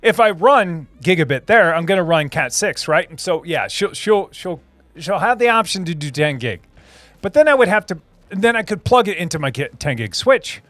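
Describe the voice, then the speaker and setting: Male streamer, slightly high voice, dry close mic, loose rambling chat with laughs. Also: big pitch swings, normal speed, a bit bright, no room sound. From Minnesota. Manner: rambling, laughing, lots of restarts and fillers. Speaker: host answering live chat. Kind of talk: casual live-stream chat.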